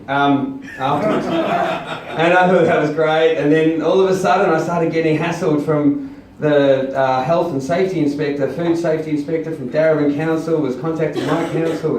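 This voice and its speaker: A man's voice: fairly high pitch, a little mellow, slight background noise. Man, stand-up comic, rambling and crude, very echoey room, distant camera. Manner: rambling, many ums and uhs, crude and self-mocking. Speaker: stand-up comedian. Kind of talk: stand-up storytelling. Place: small comedy venue, audience laughing. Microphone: far camera. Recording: echoey room, taped from far off.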